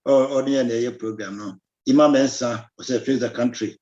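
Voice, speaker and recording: A man's voice: medium pitch, fairly even intonation, normal speed, mellow. A Ghanaian-accented man runs a live talk show and welcomes his viewers one by one. His voice sits in a middle range. The sound is dull and lo-fi, like a web stream. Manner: mixes Twi and English, reads out names and phone numbers. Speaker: host. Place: Belgium.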